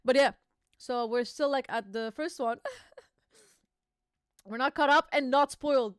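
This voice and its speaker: A woman's voice: high voice, a little slow, clean tone, no room sound, studio quality. A young woman hosting a casual live reaction stream, chatty and swearing as she reads the comic aloud. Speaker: streamer host.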